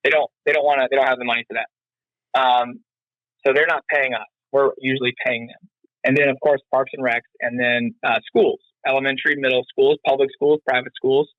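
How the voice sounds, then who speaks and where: Podcast guest, male, mid pitch, loose rambling delivery, dry muffled audio. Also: little pitch movement, fairly quick, no room sound. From North Carolina. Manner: rambling, lots of fillers and restarts. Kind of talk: casual interview chat.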